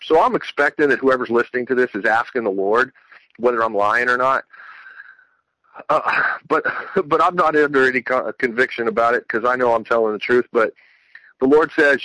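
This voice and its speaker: A man's voice: mid-range voice, fairly quick, pushed and bright, dry recording, low-quality recording. A man giving an earnest, rambling personal religious testimony, often restarting his sentences.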